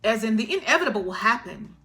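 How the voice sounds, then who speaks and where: A middle-aged woman giving a casual tarot reading in a chatty way, clearing her throat and laughing often. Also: on the high side, very animated, fast, sharp tone. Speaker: tarot reader.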